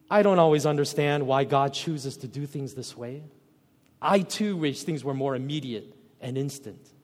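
A man preaching a sermon as pastor, emphatic, rising to loud peaks and dropping to soft, low phrases. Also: big-room sound.

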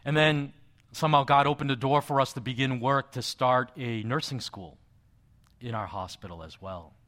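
A middle-aged male pastor preaching a sermon, telling a personal story in a conversational way with soft asides. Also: medium pitch, normal speed.

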